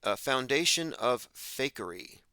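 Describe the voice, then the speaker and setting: A man's voice: medium pitch, expressive, a little slow, bright, forceful tone, clear, resonant tone, dry recording. A man hosting a podcast, delivering an emphatic, sardonic monologue and mocking the voices of the people he quotes. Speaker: podcast host. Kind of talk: monologue commentary.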